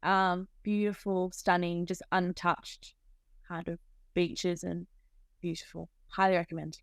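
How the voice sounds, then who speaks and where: A young Australian woman, a midwife, chatting easily as a podcast guest, friendly and relaxed, often trailing off softly. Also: on the low side, unhurried, gravelly, clean tone, no room sound, studio quality. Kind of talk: casual interview chat.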